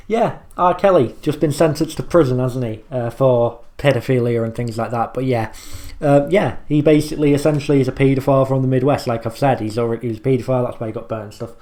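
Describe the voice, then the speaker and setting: A young man talks through his reactions in a loose, rambling way, stopping to explain each line and dropping casual swear words. His voice sits at an ordinary, middle pitch. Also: darkish tone. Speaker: reaction video host.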